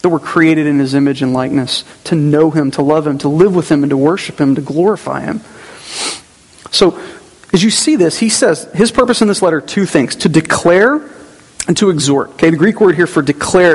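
A man's voice: a little high, brisk, husky. A man preaching a conversational sermon as pastor, with personal asides. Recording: long hall reverb.

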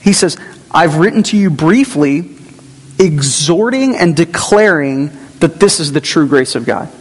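A man's voice: fairly high pitch, lively intonation, unhurried, husky. A man preaching a conversational sermon as pastor, with personal asides. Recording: long hall reverb.

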